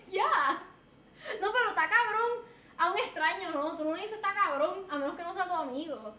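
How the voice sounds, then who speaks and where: A woman's voice: very high-pitched, expressive, moderate pace, sharp tone. A woman from Rico, chatting casually with her stream viewers and laughing often as she switches between English and Spanish. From Puerto Rico. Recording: roomy with faint background noise.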